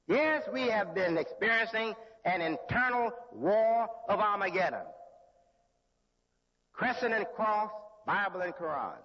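A man with a husky, fairly high voice preaches a sermon, slow and deliberate. The recording is lo-fi and dull, with a long reverb tail from a large hall. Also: bright, forceful tone. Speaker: religious leader.

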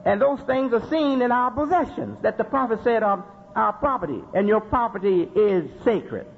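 Man, Muslim preacher, sermon, high-pitched, emphatic repetition, muffled old recording. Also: animated, moderate pace, gravelly. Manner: rhetorical questions and emphatic repetition. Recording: dull lo-fi recording with faint noise.

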